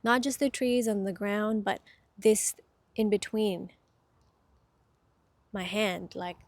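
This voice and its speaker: A woman giving a casual spiritual talk outdoors, soft-spoken and reflective, pausing often and getting emotional. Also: mid-range voice, no room sound. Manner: gets emotional. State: itchy from hay fever. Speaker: spiritual speaker.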